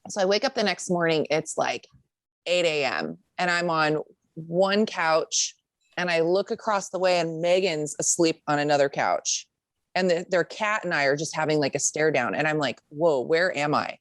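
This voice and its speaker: A young adult woman with a low voice co-hosts a podcast, telling a story in casual chat at a normal speed with no room sound. She's a lively storyteller who swears freely and acts out what people said.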